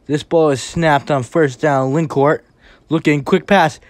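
A commentator narrates a game as it happens, composed on the routine snaps and shouting with excitement on big plays. His medium-pitched voice is unhurried, with no echo.

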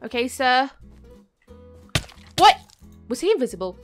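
A woman's voice: sits high, very animated, measured pace. A young woman giving a chatty, panicky commentary over her own gameplay, with sudden shrieks. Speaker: gaming YouTuber. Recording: faint background music.

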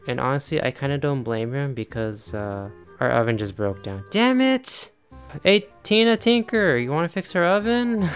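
A man giving casual let's-play commentary, chatty and quick to laugh, talking straight to the game's characters. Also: mid-range voice, a bit bright. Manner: chatty, laughs often, talks to game characters. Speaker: gaming YouTuber.

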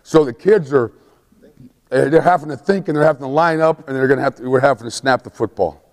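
A man giving an emphatic football coaching clinic lecture at a mid pitch, forever tossing in quick checks with his listeners. He acts out the play calls he shouts in practice. The long reverb of a big hall hangs on his voice.

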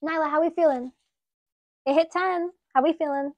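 A woman's voice: high voice, fairly even intonation, normal speed, pauses often, dry recording, highs cut off. A woman in her late twenties hosting a casual live stream, chatting and giggling with her chat while sculpting clay. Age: 20s. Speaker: livestream host.

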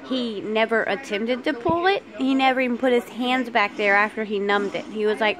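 A young woman vlogs with a fairly high voice, telling her story in a frank, aggravated way. A crowd murmurs clearly behind her. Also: moderate pace, few pauses. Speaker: vlogger. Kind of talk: personal story vlog.

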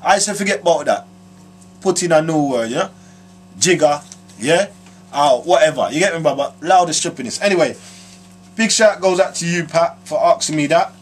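A man with a London accent hosting a comic advice show, answering viewer letters in slangy, animated streetwise patter. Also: on the high side, moderate pace, long pauses. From South London. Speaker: host answering viewer questions.

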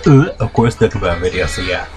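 Man, just woke up, groggy morning voice, deep, rambling casual talk, full of fillers. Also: animated, quick pace. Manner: rambling, repeats "of course" and "though" constantly. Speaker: mobile game YouTuber. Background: background music.

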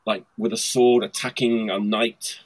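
A man's voice: fairly low pitch, flat delivery, a little slow. A man hosting a casual video-call chat about punk records, rambling and enthusiastic with frequent laughs. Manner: laughs often, rambling and enthusiastic with many fillers. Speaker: host presenting vinyl record picks.

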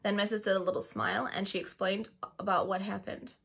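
Lively woman storybook reader, bright and husky. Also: mid-range voice, a little fast. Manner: lively, expressive narration. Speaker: audiobook reader. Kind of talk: storybook reading aloud.

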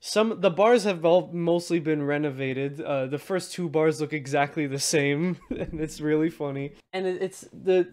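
A man's voice: a little high, moderate pace, hardly any pauses, darkish tone. A man co-hosting a film podcast, casually retelling scenes and laughing easily. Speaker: podcast co-host. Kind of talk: casual film review chat.

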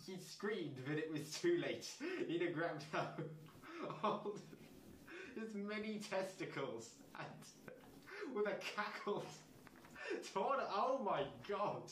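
A man's voice: sits high, very animated, takes it slowly, a bit bright, reverberant, a little hiss or hum, low-quality recording. A man hosting his channel, reading fan fiction aloud with incredulous comments and asides. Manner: incredulous, breaks into laughter and asides.

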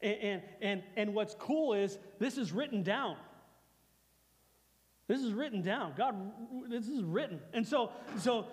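With a big-room sound around him, a man preaches as pastor in a high, animated, unhurried voice. His sermon is conversational, full of repeated phrases for emphasis, and he softly acts out God's lines.

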